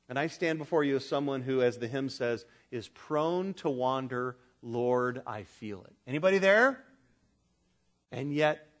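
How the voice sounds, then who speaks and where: A middle-aged man preaching a sermon, emphatic and humorous, addressing the congregation directly and swinging between loud peaks and quiet asides. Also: mid-range voice. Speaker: pastor.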